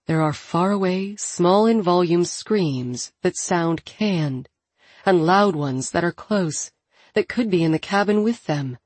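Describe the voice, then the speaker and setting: A woman with a low, husky voice narrates an audiobook at a measured, steady pace. The recording is dry and close with no room sound. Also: dry recording.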